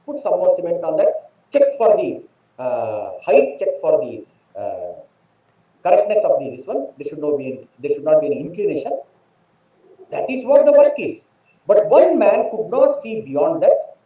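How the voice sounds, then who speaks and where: A man's voice: sits high, mellow. A man from India with an Indian English accent gives a spiritual talk as a monk. He repeats key phrases and asks and answers his own questions. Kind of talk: spiritual lecture with storytelling. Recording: distant, echoey, dull online lecture audio.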